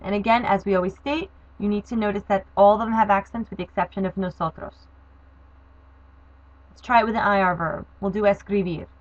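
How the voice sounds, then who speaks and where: Female teacher voice, mid-pitched, methodical and step-by-step, for a lo-fi classroom video. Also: fairly even intonation, a little fast, dry recording. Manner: methodical, spells out endings letter by letter. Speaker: Spanish teacher. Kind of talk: recorded grammar lesson. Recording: dull, dry lo-fi recording.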